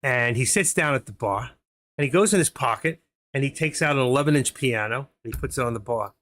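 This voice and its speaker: A man's voice: medium pitch, a little fast, fairly bright tone. Rambling middle-aged man telling jokes. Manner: rambling, chatty, laughs at his own jokes. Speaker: live-stream host. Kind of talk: casual live-stream chat and joke telling.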